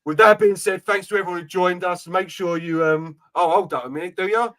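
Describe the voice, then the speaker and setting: A Welsh man hosting a casual football livestream, chatty and quick to laugh. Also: high voice, fairly bright tone. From Wales. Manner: chatty, laughs often, banters. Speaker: host.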